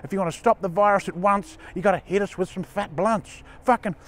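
A man doing a brash, foul-mouthed Australian tough guy who talks in a blokey drawl. The voice sits fairly high for a man and rants straight to the listener in a comedy sketch. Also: a little fast, a little hiss or hum, close to an everyday voice. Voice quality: heavy swearing, blokey drawl. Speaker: comedy character. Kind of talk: scripted comedy monologue.

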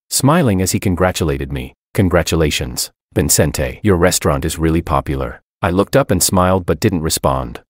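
Male audiobook narrator: deep voice, lively delivery, wry, dry studio read. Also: dry recording. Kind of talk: first-person audiobook narration.

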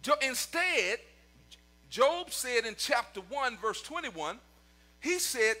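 A man preaching a sermon to his congregation and online viewers, his voice climbing into shouts and sung cadences. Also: very high voice, very animated, slow. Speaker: pastor.

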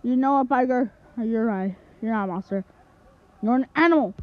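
A woman plays a hot-headed male newspaper boss who barks insults and loses patience, in a fan cartoon. The voice is slightly high and sounds thin and phone-like. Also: normal speed, natural voice. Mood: ranting. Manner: barking, insulting, impatient. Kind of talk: fan animation voice acting. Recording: tinny lo-fi home recording.

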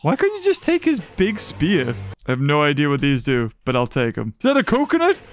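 An excitable man giving let's-play commentary, full of sarcastic asides and sudden exclamations. His voice is high for a man, and his pitch swings widely. Game music plays faintly behind him. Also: fairly quick. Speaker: gaming YouTuber.

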